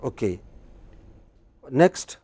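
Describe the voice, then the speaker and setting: A man's voice: extremely slow, mellow. A man with an Indian English accent teaching English word stress in a classroom lecture, quizzing his students.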